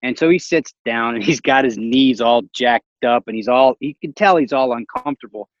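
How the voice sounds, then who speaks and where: A man's voice: mid-range voice, normal speed, no room sound, muffled recording. A man casually telling a story, acting out the voices of the people in it and laughing often. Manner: animated, acts out quoted voices, laughs often.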